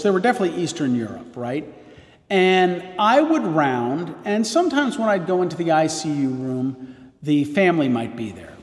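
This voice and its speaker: Rambling male priest in a roomy hall. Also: fairly high pitch. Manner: rambling, frequent restarts and self-corrections. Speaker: Catholic priest. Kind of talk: casual storytelling.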